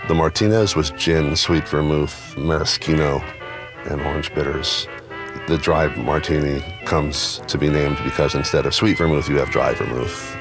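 A man who owns bars, talking in an interview in a thoughtful, measured, explanatory way. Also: extremely low pitch, steady tone. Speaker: bar owner and spirits author. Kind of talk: reflective interview talk. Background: music.

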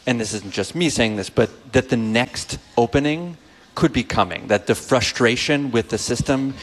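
A man speaking as a podcast guest, telling stories in a measured, reflective way. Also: medium pitch, in a large hall. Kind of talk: conversational storytelling.

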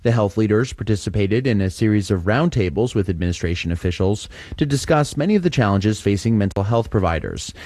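A male correspondent gives a calm, level news report in a lowish voice. The sound is dry and close, with no room around it. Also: brisk, dry recording.

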